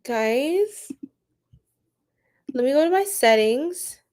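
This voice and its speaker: A woman giving a casual live-stream tarot reading, chatty and animated, saying "like" often and talking to her viewers in the chat. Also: high voice, very slow.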